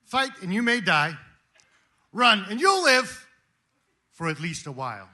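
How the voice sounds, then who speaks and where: Man doing a defiant medieval rebel chief, high and fierce, bellowing a battle cry. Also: sing-song, measured pace, heavily acted. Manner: declaiming, shouting battle speech. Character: defiant medieval Scottish rebel leader rallying troops.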